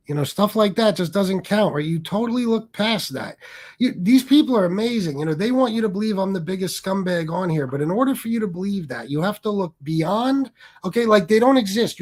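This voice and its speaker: A middle-aged man hosts his own livestream in a casual monologue, his voice sitting a little high for a man. He rambles and sounds defensive, and he swears freely as he talks. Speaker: livestream host.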